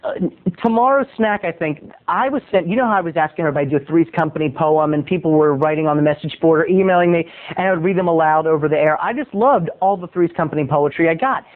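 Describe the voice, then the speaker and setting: A man, a video blogger, telling a story in a chatty, animated monologue from his bed at home. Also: on the high side, fast. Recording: tinny phone-like sound.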